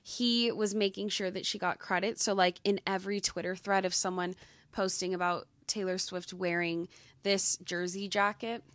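Young woman, casual podcast host, chatty, lots of fillers, gushing, mid pitch, dry sound. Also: fairly even intonation, moderate pace, a bit bright, no room sound. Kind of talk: casual commentary.

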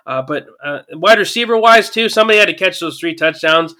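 A man giving a casual, chatty recap of a football game, getting excited at big plays and using lots of fillers. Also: on the high side, normal speed, few pauses. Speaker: sports commentator.

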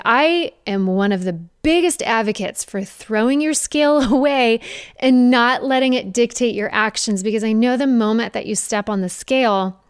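A young woman fitness coach talking straight to her viewers in an energetic, conversational way, with playful mocking asides. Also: on the high side, clear, resonant tone, no echo, clean studio sound. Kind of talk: direct-to-camera coaching talk.

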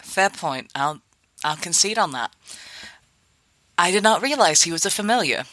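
A woman with a low, bright, lively voice, playing a tabletop game in character. She giggles often and hesitates with fillers, and the sound is dry and close. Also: normal speed, no room sound. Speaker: player.

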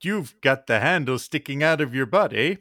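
A man's voice: mid-range voice, animated, moderate pace, sharp tone, no echo, studio quality. Man doing a folksy mock-Canadian lumberjack. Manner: drawling, tags lines with "eh". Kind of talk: improv comedy scene.

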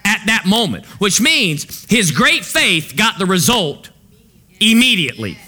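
In a sing-song, measured delivery over soft background music, a male preacher quizzes his congregation with fill-in-the-blank prompts. His voice is high, strikingly bright, and sharp and forward from start to finish.

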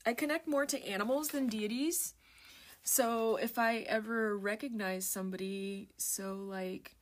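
A woman's voice: a little high, fairly even intonation, unhurried. A woman vlogger in casual chat, rambling and interrupting herself as she browses a book and reads lists aloud in a musing murmur. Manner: rambling, self-interrupting, chatty.

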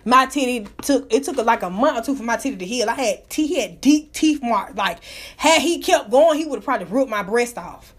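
A woman telling a story casually, animated and full of profanity. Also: fairly high pitch, brisk. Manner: profane, animated, breaks into laughter.

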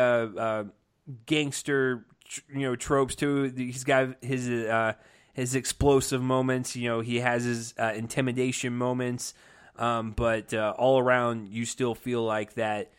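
A man's voice: medium pitch, clean tone. A man giving a casual, enthusiastic movie review, talking with lots of fillers and restarts. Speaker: film reviewer.

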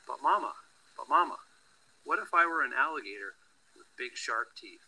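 Storybook child, small and eager, played by a man with a bright husky read. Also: expressive, brisk, full character voice, poor audio. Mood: pleading. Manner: higher, louder pleading questions. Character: small pleading child, playful and curious.

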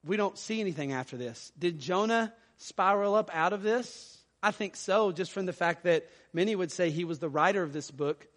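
A man preaching a sermon as pastor, animated, reading scripture aloud and rising loud to stress his points. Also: high voice, moderate pace, few pauses, long reverb tail. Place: church sanctuary.

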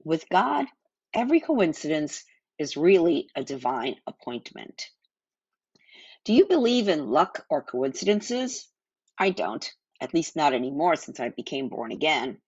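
A woman's voice: low voice, very animated, measured pace, a little mellow, slightly rough, dry recording, dull audio. A woman reading and teaching a Bible passage in an earnest devotional style. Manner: earnest, reads scripture aloud with small slips.

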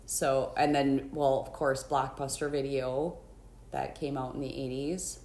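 A woman's voice: rumbling low, steady tone, measured pace, a little mellow, a little hiss or hum. A middle-aged woman co-hosting a podcast, chatty and laughing often. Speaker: podcast co-host. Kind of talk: casual chat. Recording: echoey room.

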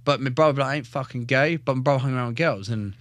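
A man's voice: mid-range voice, fast talker, no echo. A young man, a fighter, telling his life story on a podcast in casual, swear-filled talk. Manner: heavy swearing, animated, acts out quotes. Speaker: guest, fighter.

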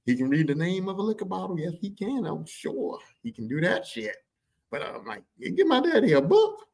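A man talks straight into his podcast mic, spinning a crude, funny tale about his family. His voice sits a bit high and sounds husky, and his pitch leaps around as he acts out the people in the story. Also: normal speed, low-quality recording. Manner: profane, animated, mimics voices mid-story. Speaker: podcast host. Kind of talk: casual storytelling monologue.

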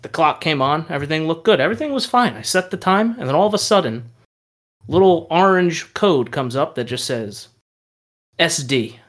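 A man co-hosting a casual podcast, telling animated stories with frequent laughter and casual swearing. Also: on the high side, a little fast. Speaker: podcast co-host. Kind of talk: casual chat.

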